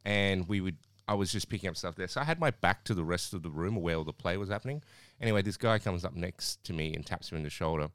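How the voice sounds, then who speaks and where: A man's voice: low-pitched, fast, hardly any pauses, clear, resonant tone, dry recording, clean studio sound. A man, co-hosting a casual, jokey podcast chat and laughing through his stories while a little hungover. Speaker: podcast co-host.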